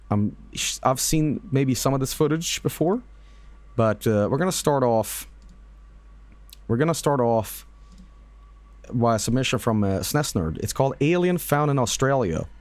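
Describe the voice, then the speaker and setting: A man streaming and reacting to videos, chatty and loose. He rambles with fillers, laughs and swears through his commentary. His voice sits at a middling pitch, close and dry on the mic. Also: darkish tone, no echo. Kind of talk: casual live-stream commentary.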